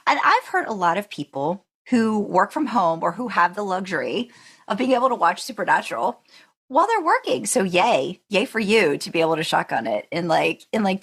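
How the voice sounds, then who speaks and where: A woman's voice: mid-range voice, slightly rough. A woman hosting a podcast interview, easygoing, with many fillers and frequent laughter. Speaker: podcast host. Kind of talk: casual interview.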